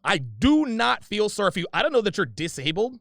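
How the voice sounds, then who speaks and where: A man's voice: high-pitched, sing-song, brisk, gravelly, a bit bright, no echo, clean studio sound. A man hosting a livestream, reading viewer super chats and answering them in a heated, profane, confrontational rant, repeating himself often.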